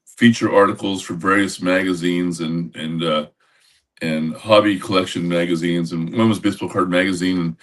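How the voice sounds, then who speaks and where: An older man co-hosting a podcast, telling a rambling anecdote with lots of halting restarts over a video call. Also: low-pitched, steady tone, far from the mic. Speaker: podcast co-host. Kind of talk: casual storytelling.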